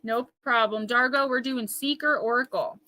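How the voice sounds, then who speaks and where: A woman hosts a live intuitive card reading with a bright, slightly high voice. She talks to her viewers in an emphatic, chatty way. She often breaks off to answer their comments. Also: steady tone, moderate pace, dry recording, low-quality recording. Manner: reads viewer comments aloud and riffs on them. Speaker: intuitive tarot reader, host.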